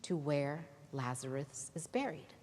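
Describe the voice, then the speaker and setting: A woman voicing a gentle, calm grown man who comforts his friends, in a children's Bible story. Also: deep voice, a little slow, slight background noise. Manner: gentle, reassuring. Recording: reverberant hall.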